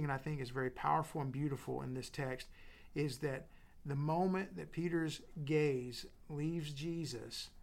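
A middle-aged man preaches with a gravelly, slightly high voice. He sinks into hushed whispers, then builds back up with repeated, emphatic phrases. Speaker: pastor. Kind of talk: sermon.

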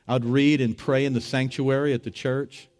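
A middle-aged man preaching as a pastor, telling a story with animated, rising voices for the people in it. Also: moderate pace. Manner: animated, rising to high excited voices when retelling dialogue. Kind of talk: sermon storytelling.

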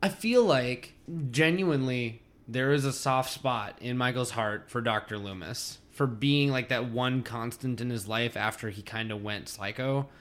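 A man with a middle-pitched voice talks casually on a podcast. He gives quick, joking takes on a movie's scenes. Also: a bit bright. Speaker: podcast co-host.

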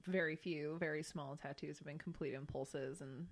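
A woman's voice: sits low, fairly even intonation, moderate pace. A woman in her twenties co-hosting a casual chat, rambling and laughing often.

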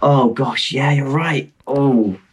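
This guest, a British man in his twenties, talks slowly in a husky mid-range voice. Over a video call, he tells a meandering, self-deprecating story packed with fillers and restarts.

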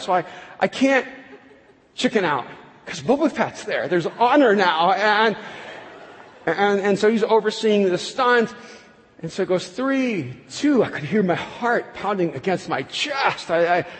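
A man preaching a sermon, telling a personal story in an animated way, often restarting his sentences. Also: sits high. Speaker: pastor. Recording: long hall reverb.

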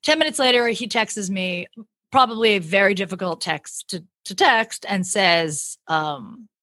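A woman's voice: mid-range voice, expressive, measured pace, bright, forceful tone, no echo. A woman hosting a podcast and telling a story in casual chat, acting out what other people said and swearing freely. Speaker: podcast host; comedian.

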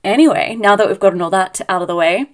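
A woman's voice: medium pitch, fast talker. Chatty woman podcaster. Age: 30s. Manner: chatty, upbeat and self-mocking. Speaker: podcast host and business coach. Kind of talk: casual solo podcast chat.

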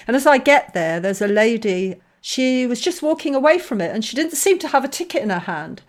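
A woman, a missionary guest telling a personal story in conversation, acting out dialogue with lively shifts. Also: on the high side, fairly quick.

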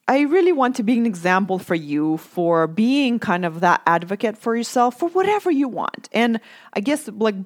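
Animated woman with a lively, swooping voice. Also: mid-range voice. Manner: animated and emphatic, heavy use of "like" and "right?". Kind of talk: casual self-help monologue.

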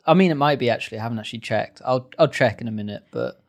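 A man's voice: medium pitch, expressive, very fast, creaky. A young British man co-hosting a casual podcast, with a dry, understated, laid-back way of talking. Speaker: podcast co-host and editor.

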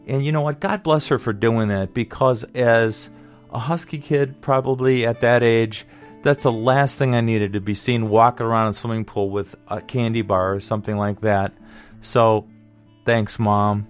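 A middle-aged man tells a personal story from his childhood in a relaxed, conversational way. His delivery is wry and nostalgic, in an ordinary mid-range voice. Faint guitar music plays underneath. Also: medium pitch, moderate pace.

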